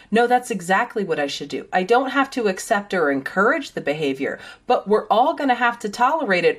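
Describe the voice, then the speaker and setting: A woman speaking as a podcast guest, blunt and unafraid to curse as she chats casually. Her pitch sits mid-range, with an ordinary voice. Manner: blunt and profane. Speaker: parent.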